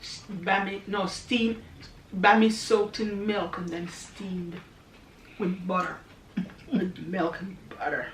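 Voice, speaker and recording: A woman's voice: mid-range voice, fairly even intonation, takes it slowly, far from the mic. This is a chatty woman hosting a cooking vlog from her garden. She jokes and laughs while she cooks. The recording is echoey, with a light hiss underneath. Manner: playful, chatty, laughs often. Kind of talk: casual cooking chat. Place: outdoor garden. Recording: echoey with faint noise.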